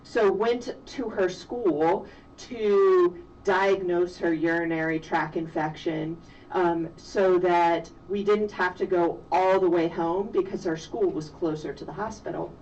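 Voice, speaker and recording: A middle-aged woman tells a story in a slow, reflective, unhurried way, her voice a little low. She sounds set back from the microphone. The recording is dull and lo-fi, with a faint hiss underneath. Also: fairly even intonation, darkish tone, far from the mic. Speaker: physician and mother, guest. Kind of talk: storytelling interview.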